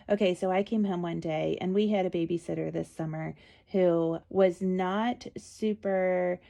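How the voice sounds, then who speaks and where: A woman's voice: lowish voice, vocal fry, mellow. A woman hosting a casual solo podcast, telling a story in a chatty, conversational way with many asides, recorded at home on a close mic. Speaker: podcast host and parent advocate.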